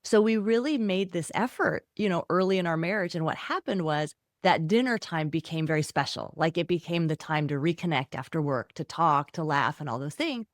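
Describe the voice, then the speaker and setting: A middle-aged woman, a guest author in a podcast interview, talking in an animated way and acting out quoted voices. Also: sits low, brisk, hardly any pauses, no echo, clean studio sound.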